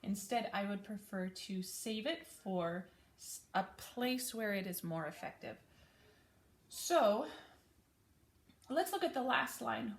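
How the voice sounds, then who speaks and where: Speaking slowly in an expressive mid-range voice with vocal fry and frequent pauses, a piano teacher explains chords in a plain, relaxed way. She's friendly and casual, makes small self-corrections, and plays piano between her spoken bits.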